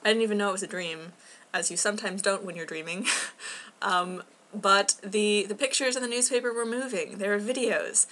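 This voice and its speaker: A woman's voice: mid-range voice, brisk, a bit bright. A young woman chatting casually at home in a video blog, rambling and scattered with lots of ums. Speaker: book club vlogger.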